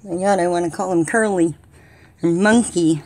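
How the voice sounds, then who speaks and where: A woman's voice: on the low side, moderate pace, darkish tone. A woman vlogger giving casual running commentary as she watches squirrels, talking both to the animals and to her viewers.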